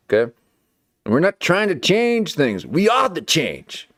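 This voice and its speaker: Guy streaming late night commentary, slow and sarcastic, voice jumps all over, keeps going "okay, folks". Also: sits high, sing-song, fairly bright tone. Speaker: live stream host.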